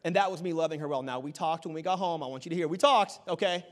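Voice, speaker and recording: A pastor in his thirties preaches a sermon built around a family story, told with lively, self-deprecating humor. His voice sits a little high and he speaks fast.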